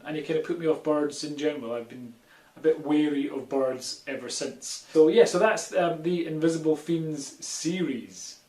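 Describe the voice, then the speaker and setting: Chatty Scottish man in echoey room. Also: mid-range voice. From Scotland. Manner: chatty and animated, many ums. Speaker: children's author. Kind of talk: casual storytelling talk.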